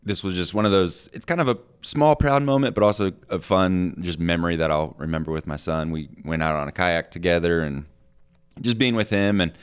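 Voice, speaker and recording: A father in a casual podcast chat, speaking calmly with a few fillers. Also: deep voice, smooth. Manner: calm and unhurried with fillers. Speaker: parent guest.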